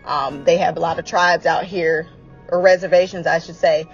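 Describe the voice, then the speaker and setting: A woman podcast host chatting casually and excitedly about a TV episode, with lots of fillers and asides. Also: on the low side, moderate pace, dull audio, faint music behind. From Washington state, US. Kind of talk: casual fan recap chat.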